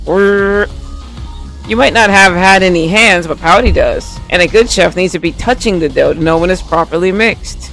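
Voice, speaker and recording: A man's voice: sits high, normal speed, vocal fry, pushed and bright, faint music behind. A man casually commenting on a game playthrough, reading the on-screen text aloud and cracking playful jokes. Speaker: game streamer.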